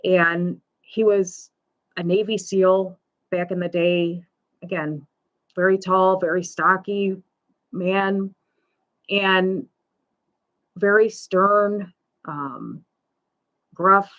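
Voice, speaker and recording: A woman hosting a live talk on pet loss, slowly retelling a story in a conversational way, full of fillers and quoted dialogue. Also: medium pitch, steady tone, a bit bright, lo-fi sound. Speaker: pet loss support host.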